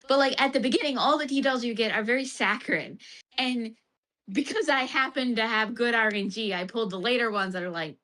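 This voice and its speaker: A woman's voice: fairly high pitch, brisk, pushed and bright. A woman streamer chatting casually about a game, laughing often and acting out the characters' lines in bursts.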